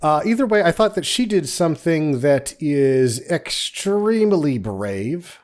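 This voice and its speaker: A man's voice: on the high side, very animated, a little slow, darkish tone. A man co-hosting a movie review podcast, giving easygoing, offhand opinions in casual chat with fillers. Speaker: podcast co-host.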